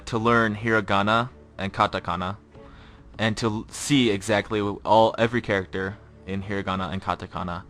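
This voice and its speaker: A man teaching a casual podcast language lesson, informal and repeating example phrases slowly. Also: fairly low pitch, pushed and bright.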